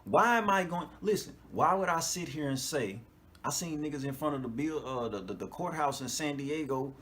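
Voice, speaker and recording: A fairly high-voiced man riffs through a loose podcast monologue, swearing freely and laughing between points. He keeps asking whether the listener is following him and often jumps up in pitch when he gets worked up. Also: normal speed. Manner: animated, profane, laughs often, frequent "you know what I'm talking about". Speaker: podcast host. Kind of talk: casual monologue.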